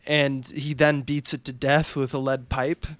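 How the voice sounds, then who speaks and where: A young man co-hosting a casual film podcast, relaxed and rambling, with lots of fillers. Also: mid-range voice, a little slow, no echo. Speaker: podcast co-host.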